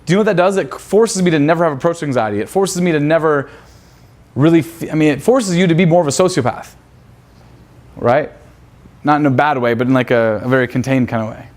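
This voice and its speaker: A man's voice: fairly high pitch, a little fast, pauses often, a little mellow. A man leading a live seminar, brash and profane, firing rhetorical questions at his audience. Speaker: seminar instructor.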